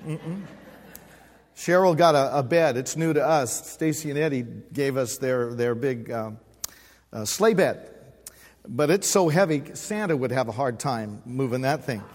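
A man's voice: mid-range voice, expressive, moderate pace, a little mellow. Folksy older male pastor, reverberant church. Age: 60s. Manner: folksy, humorous storytelling with call-and-response. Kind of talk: sermon. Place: church sanctuary.

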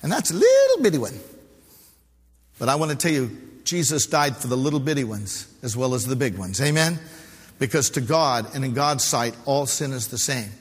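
A man's voice: medium pitch, normal speed, fairly bright tone. A man, a pastor, preaching a heartfelt sermon with calls to the congregation. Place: church hall. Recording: live sermon with long hall reverb.

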